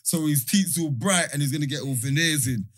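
A man's voice: fairly high pitch, fairly quick. A young man, teasing his friends with laughter in casual banter.

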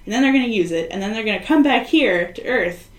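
A woman's voice: a little high, lively intonation, quick pace, reverberant. Rambling, sardonic woman co-host. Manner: rambling, sardonic, acts out quoted voices. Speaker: podcast co-host. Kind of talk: casual chat.

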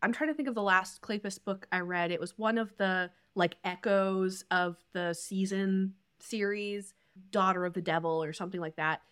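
A woman co-hosting a podcast, talking through a romance novel in an animated, emphatic way. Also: medium pitch, moderate pace, smooth. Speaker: podcast co-host. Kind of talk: casual book discussion.

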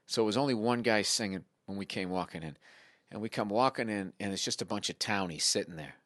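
A man who is a guest comedian, telling a profane anecdote in a casual, animated podcast chat. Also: lowish voice, quick pace, no room sound, clean studio sound.

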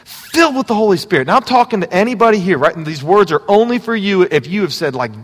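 A man preaching a sermon, moving between quiet, intimate asides and loud, fervent exhortation. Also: sits high, animated, quick pace, hardly any pauses, long reverb tail. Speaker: pastor. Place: church sanctuary.

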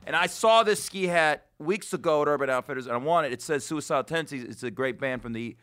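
A man's voice: on the high side, fast talker, fairly bright tone. Brash, profane man hosting a podcast. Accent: New York. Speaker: podcast host. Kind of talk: casual comedy podcast banter.

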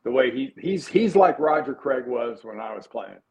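Halting older man, former player on radio. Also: mid-range voice, lively intonation, a crowd in the background, poor audio. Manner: halting, many restarts, easygoing. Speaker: former player, guest analyst. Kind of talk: sports talk radio chat.

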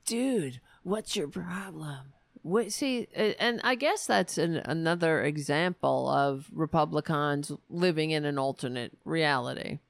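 A woman's voice: low voice, measured pace, gravelly, hardly any pauses, no echo. A woman hosting a political commentary show, ranting in a sarcastic, profane, exasperated way.

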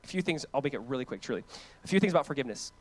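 A man, a pastor preaching a conversational, animated sermon that swings between loud emphasis and quiet, hushed lines. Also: mid-range voice, rapid-fire.

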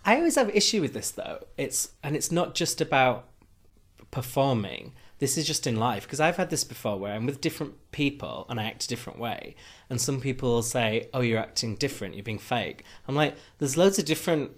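Chatty young man with a softened Yorkshire accent. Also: medium pitch, a little fast. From Huddersfield, Yorkshire, England. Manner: chatty and animated, jumps into little acted-out exchanges. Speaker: podcast co-host. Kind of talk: casual podcast chat.

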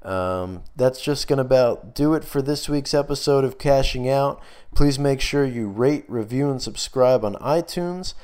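Man, podcast host, loose betting talk, lots of ums and uhs, smooth resonant voice, winded. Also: mid-range voice, expressive, measured pace, a little mellow. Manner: casual, filler-heavy picks talk. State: out of breath, losing voice. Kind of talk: solo sports betting podcast.

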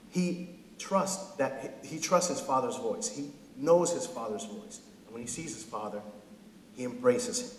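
Man, 30s, pastor, casual joking sermon, slightly high voice, echoey church hall. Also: slight background noise. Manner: casual and joking, often checks in with "right?". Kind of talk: conversational sermon. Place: church sanctuary. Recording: echoey hall with long reverb.

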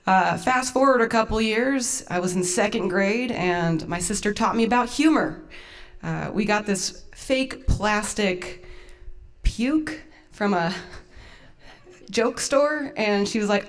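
A woman's voice: medium pitch, measured pace. A young woman telling a funny personal story as host of a storytelling evening. She talks casually in a mid-range voice, mocks herself, and slips into laughter often.

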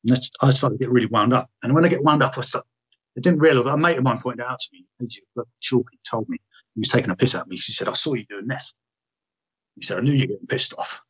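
A man's voice: medium pitch, fast talker, fairly bright tone, breathy edge. A man in casual storytelling chat, blunt and swearing freely as he acts out past conversations. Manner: blunt, heavy swearing, reenacts dialogue.

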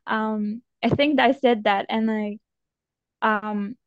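A young adult woman, a guest in an interview, telling a personal story in a reflective, gentle and somewhat halting way. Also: on the high side, fairly even intonation, clean tone, no echo. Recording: dull dry sound.

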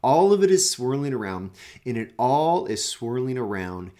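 A man's voice: mid-range voice, big pitch swings, moderate pace, warm tone. A pastor teaching a daily devotional, reading scripture aloud and then paraphrasing it conversationally, often repeating words as he goes.

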